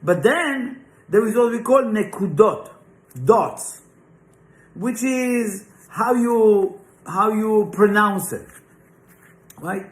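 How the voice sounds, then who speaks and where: A man's voice: high voice, animated, takes it slowly. A man teaching an informal spiritual class, talking emphatically and often checking in with "right?" and rhetorical questions. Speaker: Kabbalah teacher. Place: class room, live and online. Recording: roomy echoey room.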